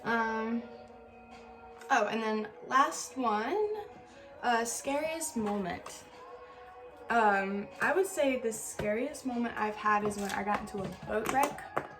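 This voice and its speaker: A young woman telling stories in a casual vlog Q&A, chatty and animated, with lots of fillers. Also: fairly high pitch, takes it slowly, long pauses, over music. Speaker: vlogger. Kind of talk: casual storytelling Q&A.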